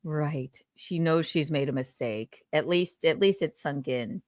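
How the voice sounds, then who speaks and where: A woman's voice: deep voice, measured pace, a little mellow, no room sound, clean studio sound. A woman co-hosting a casual comedy podcast, playful and laughing often as she mocks people in exaggerated voices. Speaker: podcast co-host.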